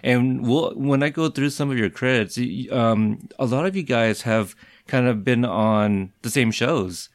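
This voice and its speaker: A bilingual man hosting a casual interview, speaking haltingly with frequent restarts and laughter. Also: mid-range voice, dry recording. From Texas, raised in Pacific Northwest. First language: bilingual with Lao. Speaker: podcast host, interviewer.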